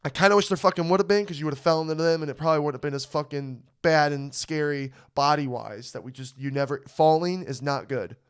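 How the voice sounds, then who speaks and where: A man co-hosting a podcast, telling a story in casual chat. He sounds animated and swears freely. His voice is smooth and clear, pitched a little high for a man. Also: fairly quick, few pauses. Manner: animated, swearing, frequent "you know what I mean". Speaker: podcast co-host.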